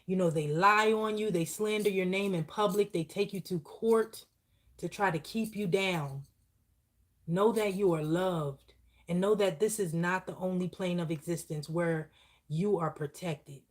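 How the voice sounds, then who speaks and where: A woman with a somewhat low voice delivers a live channeled spiritual message, earnest and repetitive, often checking in with the listener. She sounds close to tears throughout. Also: unhurried. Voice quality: emotional, heartfelt delivery. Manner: earnest, repetitive, preaching with frequent "okay?".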